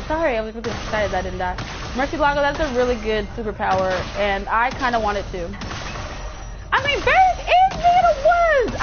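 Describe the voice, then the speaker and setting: A young woman streaming a game live, chatting with viewers, swearing and shrieking whenever she is in danger. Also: high voice. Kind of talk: live gameplay commentary. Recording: dull lo-fi mic with audible noise.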